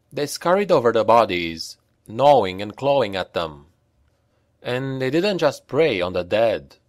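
A man narrating a dark fantasy audiobook in a measured, deliberate storytelling manner. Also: mid-range voice, no room sound, clean studio sound.

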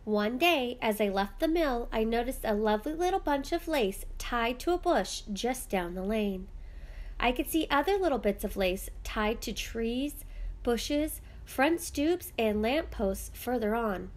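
A woman puts on a father spinning a family story from a storybook. He talks with a lively lilt and a fairly high voice. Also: unhurried. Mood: storytelling. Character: warm old-world Irish father telling a story.

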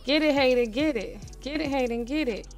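A woman's voice: high voice, brisk, soft background music. Chatty woman narrating her game. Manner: chatty, talks straight to viewers, swings from murmuring to excited squeals. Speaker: gaming channel host. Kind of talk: casual let's-play commentary.

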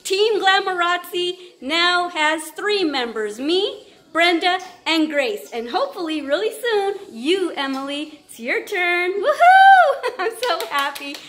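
A woman's voice: extremely high pitch, measured pace, pushed and bright. A woman vlogging at home on a handheld camera, chatting in a bubbly, cheering way and cooing to a baby. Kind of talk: casual vlog chat.

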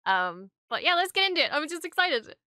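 A young adult woman giving casual reaction commentary at her home streaming desk, excitable and gushing, swearing freely. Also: sits high, a little fast, dry recording, clean studio sound.

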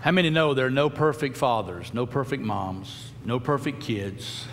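Pastor asking questions in an echoing hall. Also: male voice, mid-range voice, lively intonation, normal speed, vocal fry, a faint crowd. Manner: rhetorical questions to the congregation. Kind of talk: sermon. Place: large church sanctuary. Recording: long hall reverb with faint hum.

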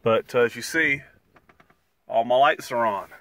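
A man's voice: medium pitch, measured pace, pushed and bright. A man vlogging casually outdoors beside his RV, walking viewers through the steps in a folksy, chatty way. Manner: folksy, chatty, explains step by step. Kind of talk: casual how-to vlog.

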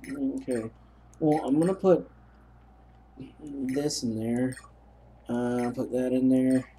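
A man's voice: mid-range voice, steady tone, slow, dark tone. A young man narrating a gameplay session, telling rambling, self-mocking stories as he plays. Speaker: gaming commentator. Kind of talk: let's play commentary.

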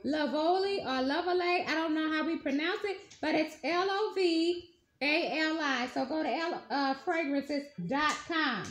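A woman with a high, bright voice and a drawl talks casually to her viewers, reviewing perfumes she has bought. She gushes and hypes each bottle with folksy, animated slang. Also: slight background noise. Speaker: beauty vlogger.

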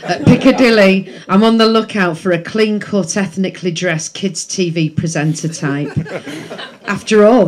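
A woman's voice: on the low side, a little mellow, slight background noise. A woman reading a memoir excerpt aloud at a bookshop event, with chatty asides between passages. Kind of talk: reading a book excerpt to a live audience. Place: bookshop event before an audience.

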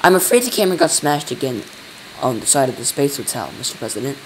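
A man's voice: mid-range voice, very animated, fast talker, slight background noise, close to an everyday voice, low-quality recording. A man voicing an eager, gushing male astronaut reporting in a storybook reading.

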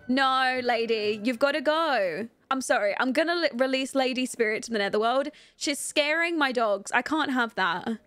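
Young woman, high voice, dry close sound, chatty game commentary, giggly. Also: normal speed, hardly any pauses, a bit bright, no echo, soft background music. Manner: chatty, giggly, talks to her viewers and the game characters. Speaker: streamer playing a life-sim game. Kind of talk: casual gameplay commentary.

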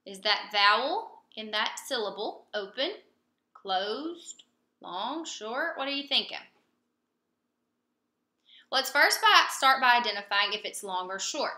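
A young woman teacher walks young pupils through a phonics lesson at an unhurried pace, waiting for their answers and praising them. Her voice is very bright and fairly high. The room around her sounds echoey. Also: expressive. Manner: patient, prompting and praising pupils with pauses. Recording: roomy echo.

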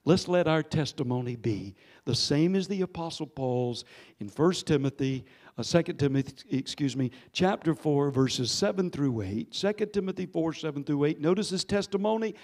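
A pastor in his sixties preaching a sermon, telling a story with sudden swings between hushed and loud delivery and calling on the congregation to respond. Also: on the high side, expressive, normal speed. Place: church sanctuary.

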